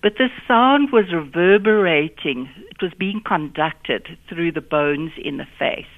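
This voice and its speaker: A woman's voice: fairly low pitch, expressive, a little slow. A woman with a South African accent, a communication skills guest, explaining voice exercises in an instructive way over the phone. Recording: narrow telephone line.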